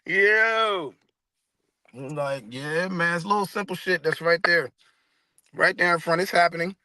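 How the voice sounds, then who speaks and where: A man's voice: on the high side, slow, bright, forceful tone, dry recording. A man leading a casual spiritual discussion and guided stretching, laid-back and slangy, swearing casually. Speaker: discussion leader.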